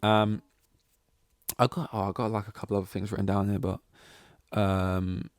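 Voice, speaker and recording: Rambling man, lowish dry voice. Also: flat delivery, normal speed, clear, resonant tone, dry recording. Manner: self-deprecating, rambling, swears, acts out both sides of awkward chats. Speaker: podcast host. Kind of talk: solo rambling monologue.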